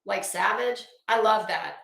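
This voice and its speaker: A woman's voice: medium pitch, a little slow, vocal fry, a bit bright. A middle-aged woman giving a casual, blunt and profane rant as a YouTube commentator, heavy on sarcasm. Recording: roomy echo.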